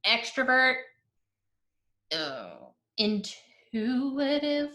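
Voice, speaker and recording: A woman's voice: high-pitched, big pitch swings, extremely slow, pushed and bright. A woman in her thirties chatting casually about herself on a vlog. She is giggly and trails off with lots of filler words. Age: 30s. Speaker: vlog host being interviewed. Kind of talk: casual chat. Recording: roomy echo.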